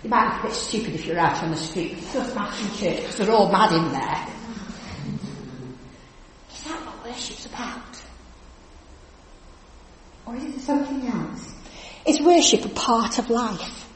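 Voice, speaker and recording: A woman preaching in a chatty, animated storytelling way in a church. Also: mid-range voice, moderate pace, long pauses, slight background noise. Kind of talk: lively church talk. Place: church hall. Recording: echoey church hall from a distance.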